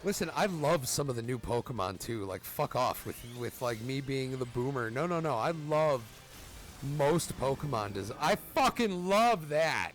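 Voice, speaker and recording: A man's voice: mid-range voice, animated, normal speed, soft background music. A man in his thirties doing let's play commentary as a gaming streamer, cursing freely and ranting at the game. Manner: profane, ranting, trash-talks the game.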